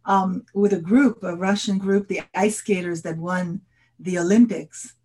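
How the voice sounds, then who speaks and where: A woman guest in a conversational interview, telling stories in a lively way and laughing often. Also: mid-range voice, measured pace, breathy edge.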